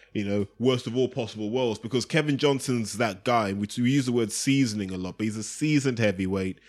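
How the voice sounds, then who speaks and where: A man chatting casually as a podcast co-host, talking fast and animated. He bursts into put-on voices when he quotes people. His pitch sits in the middle. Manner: animated, acts out quotes in raised voice. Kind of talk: casual chat.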